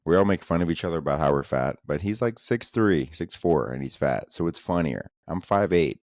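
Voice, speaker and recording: A man's voice: rumbling low, animated, a little fast, darkish tone, dry recording, clean studio sound. A man hosting a solo podcast, rambling casually with profane jokes. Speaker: podcast host.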